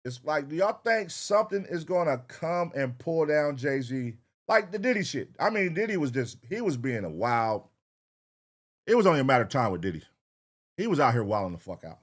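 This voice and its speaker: A man's voice: on the high side, sing-song, normal speed. A man hosting a reaction show, talking casually and profanely straight to his viewers.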